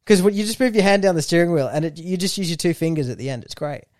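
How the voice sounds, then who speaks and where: A man's voice: fairly high pitch, fast talker, darkish tone, no room sound, studio quality. A young man co-hosting a casual car podcast, teasing and contrarian. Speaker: podcast co-host. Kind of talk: casual chat.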